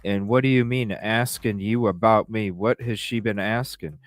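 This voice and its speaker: A man's voice: on the low side, steady tone, normal speed, no echo. A man hosting a podcast, reading text messages aloud and reacting with profane, incredulous commentary. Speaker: podcast host.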